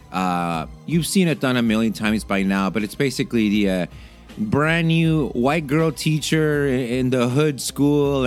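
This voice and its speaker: A man from Canada hosts a casual solo podcast, his voice sitting fairly low. He rambles loosely, piling on fillers and restarting sentences. Faint music plays under him. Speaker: podcast host.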